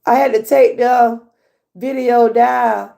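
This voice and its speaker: A woman from Georgia with a Southern US accent hosts a casual livestream, chatting, laughing often, and talking back to her chat. Her voice is a little high, gravelly, and dark in tone. She speaks slowly with fairly even intonation.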